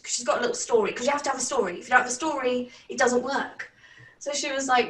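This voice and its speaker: A British woman with a high voice tells a story in a lively, casual way, swearing freely and laughing as she goes. She sits back from the mic in a roomy space. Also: fast talker, recorded from a distance. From Britain. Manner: animated, swears, laughs often. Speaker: channel host.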